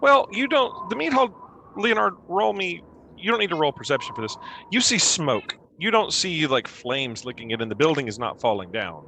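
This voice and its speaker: A young man narrating as game master, animated and playful as he sets the scene. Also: fairly high pitch, moderate pace, slight background noise.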